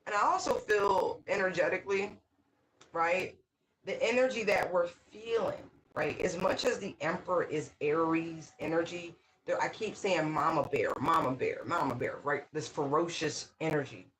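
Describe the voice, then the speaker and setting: Animated, exclaiming tarot reader. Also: medium pitch, moderate pace, rough recording. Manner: animated, exclaims and repeats words for emphasis; talks straight to the viewer, often asking "right?". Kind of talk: casual channeled tarot reading.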